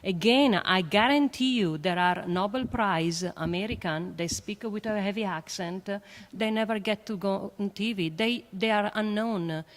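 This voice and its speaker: A woman with a French accent, a panelist and astrophysicist, speaking earnestly and emphatically with many halting fillers in a panel discussion. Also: mid-range voice. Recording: long hall reverb.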